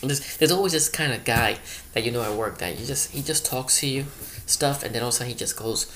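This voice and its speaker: Brief: man, mid-pitched, one-man stand-up chat, meandering delivery, faint hiss behind. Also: fast talker. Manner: rambling, loose, full of "you know" asides. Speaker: comedian. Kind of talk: comedic monologue.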